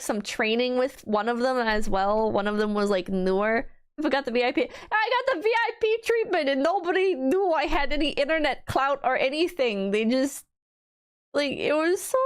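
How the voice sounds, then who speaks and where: This VTuber streamer talks in a smooth voice, chatting casually and gushing with bubbly energy. Fillers and restarts pile up, and excitement sends her pitch swooping upward.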